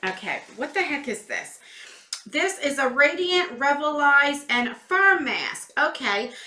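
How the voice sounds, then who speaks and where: A woman's voice: sits high, bright, forceful tone, roomy sound. A woman chatting through a beauty box unboxing in a casual vlog, a little stuffy from a cold. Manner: chatty, exclaiming over products.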